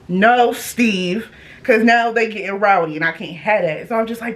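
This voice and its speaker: A young woman telling a story on her vlog in a loud, brash, profane and animated casual manner. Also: mid-range voice, normal speed, a little hiss or hum. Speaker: storytime vlogger.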